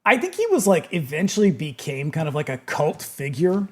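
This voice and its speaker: Man, podcast co-host, fairly high, lively voice, chatty trivia talk. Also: normal speed. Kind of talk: casual movie chat.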